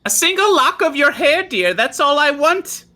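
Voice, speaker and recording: A man voicing a pushy older woman who coaxes in a slow, creepy sweet tone. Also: extremely high pitch, big pitch swings, pushed and bright, voice pushed up, heavily acted. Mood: wheedling.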